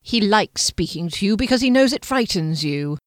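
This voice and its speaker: A woman's voice: mid-range voice, animated, normal speed, dry recording, close to an everyday voice. A woman doing a dry, teasing male mage.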